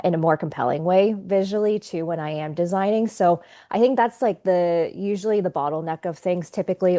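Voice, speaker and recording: Reflective woman brand designer on a podcast. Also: low voice. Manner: warm, reflective, frequent "like" fillers. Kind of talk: casual podcast interview.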